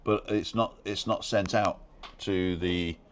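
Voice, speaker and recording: A man's voice: deep voice, fairly even intonation, slow, a little hiss or hum. Chatty man hosting a live stream. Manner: chatty, laughs often, talks through stream tech. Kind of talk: casual chat. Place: home balcony.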